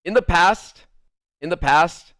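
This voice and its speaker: A male streamer with a high voice tells a story slowly and profanely, acting out both his own lines and the other person's with lively re-enacted quotes and easy laughter. He swears a lot, and the sound is clean studio audio with no room echo.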